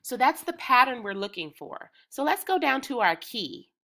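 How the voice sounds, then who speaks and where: A woman teaching preschoolers in a slow, sing-song way, chanting patterns and cheering them on. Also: on the high side, sing-song, fairly bright tone. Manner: encouraging, drawn-out, rhythmic chanting. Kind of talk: slow, sing-song lesson for small children.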